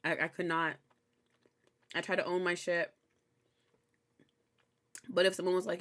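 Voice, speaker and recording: A young woman hosting a recap show, chatting casually and candidly, animated and swearing freely. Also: on the low side, a little slow, pauses often. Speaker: host recapping a TV episode. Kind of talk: casual chat.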